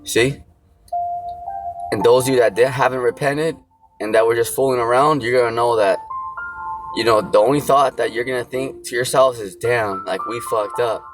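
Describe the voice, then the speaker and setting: A street preacher with a mid-range, steady voice delivers a casual sermon with scripture reading at a moderate pace, leaving long pauses, while music plays behind him. He rambles, using lots of fillers and blunt slang.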